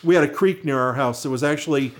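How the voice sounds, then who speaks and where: A man's voice: medium pitch, fast. A middle-aged American man in casual chat, telling long stories with many restarts and fillers. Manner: rambling storyteller with many restarts.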